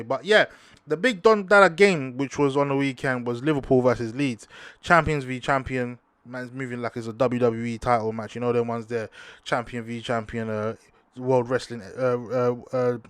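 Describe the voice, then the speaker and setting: A man's voice: smooth, dry recording. Young man, slangy football rant. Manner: animated, slangy, rants with bursts of high-pitched outrage. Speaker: football podcast host. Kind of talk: casual sports talk monologue.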